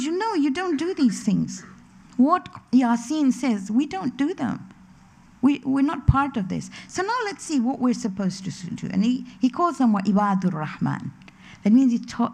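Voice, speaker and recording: A woman's voice: on the high side, vocal fry, darkish tone. A middle-aged woman giving a religious lecture to a women's gathering, chatty and anecdotal, mixing in stories and quoted voices. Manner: conversational, anecdotal, with quoted voices and Arabic recitation. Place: community centre lecture hall.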